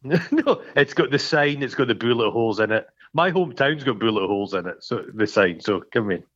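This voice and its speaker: A man co-hosting a film podcast, retelling scenes in a rambling, sweary, animated way. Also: mid-range voice, brisk, lo-fi sound. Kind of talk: casual chat.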